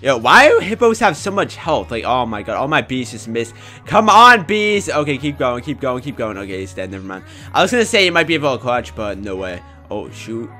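A young man commentating his own gameplay in a casual, excitable way, often breaking into shouts. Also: medium pitch, brisk, faint music behind. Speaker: gaming YouTuber.

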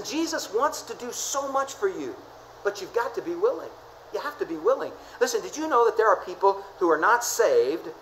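A pastor delivering a church sermon, repeating key phrases and swinging from hushed, slow passages to emphatic peaks. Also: mid-range voice, slight background noise, rough recording.

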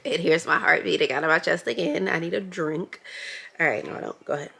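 A woman vlogging casually to her camera at home, gushing and excitable, with lots of ums and likes. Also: lowish voice, a little fast, creaky, husky. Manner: gushing and excitable, with many fillers. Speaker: small business owner and vlogger.

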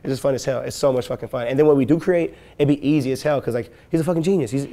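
Late-20s man, quick delivery, casual interview talk with lots of "like" and laughs. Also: mid-range voice, warm tone. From west side of Chicago. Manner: loose, profane, laughing often, full of "like" and "you know". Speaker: rapper and producer, interview guest.

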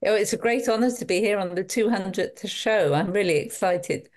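A woman in her sixties, a guest scholar, answering interview questions in a measured, articulate way. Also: mid-range voice, a little mellow.

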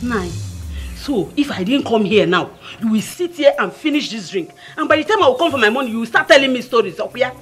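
A woman's voice: on the high side, expressive, fairly quick, a bit bright, faint music behind. A woman with a Nigerian accent, playing a blunt creditor who scolds a man for her money. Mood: scolding. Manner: scolding, bossy. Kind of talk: Nollywood film acting.

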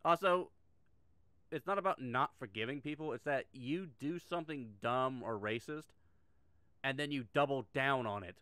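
A man's voice: mid-range voice, moderate pace, pushed and bright, clear, resonant tone, no room sound. A middle-aged man giving a sarcastic, heavily profane reaction commentary, often restarting his sentences. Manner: sarcastic, swears a lot, frequent restarts.

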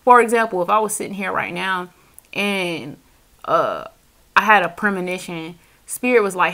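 A woman's voice: lowish voice, lively intonation, moderate pace, sharp tone. A woman reading tarot in a casual, profane chat to camera, laughing often as she talks. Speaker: tarot reader. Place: seated indoors on a squeaky chair.

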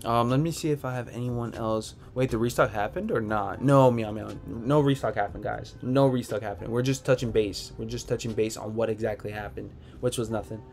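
A man's voice: mid-range voice, brisk, gravelly, hardly any pauses, darkish tone, faint music behind. A man hosting a casual livestream, reading viewer comments aloud and answering them in a laid-back, rambling way from home. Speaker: sneaker livestream host. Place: home room.

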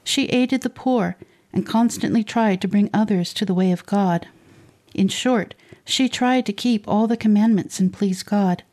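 Woman narrator, warm and mellow, steady storybook reading of a saint's life. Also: mid-range voice, unhurried. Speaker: reader of saints' lives for children.

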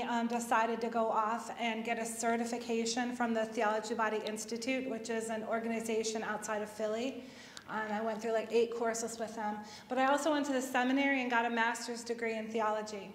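A woman's voice: on the high side, level tone, fairly quick. A middle-aged woman telling a personal story at a parish talk, chatty, with lots of fillers and acted-out dialogue. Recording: echoey hall.

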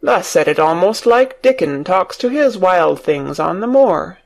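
A man's voice: high voice, animated, measured pace, creaky, full character voice. A man voicing a surly, blunt old male gardener in an audiobook, speaking in a rustic dialect.

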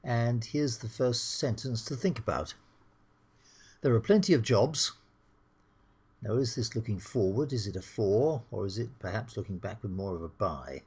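A middle-aged British man with a husky voice, teaching English slowly and clearly over slides. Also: fairly low pitch, expressive, darkish tone. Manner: slow, clear teaching delivery, acts out the dialogue lines.

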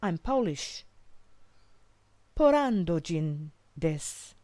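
A woman teaching a language lesson, modelling each phrase slowly and carefully for learners to repeat. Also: lowish voice, very animated, warm tone, dry recording.

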